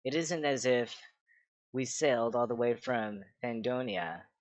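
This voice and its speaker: A man's voice: mid-range voice, a little slow, no echo, close to an everyday voice. A man voicing a proud, curt mage master. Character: proud elderly wizard master of a mage order.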